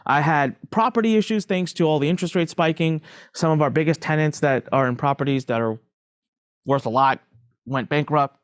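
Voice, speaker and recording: A middle-aged man, a podcast guest, telling his story candidly in an emphatic, animated way and repeating phrases for emphasis. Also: a little high, a little fast, no room sound, clean studio sound.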